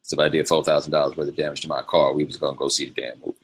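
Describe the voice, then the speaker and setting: Deep-voiced man rambling through stories. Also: fairly even intonation, rapid-fire, slight background noise. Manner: rambling, loose, laughing, slangy. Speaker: podcast host. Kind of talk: casual storytelling monologue.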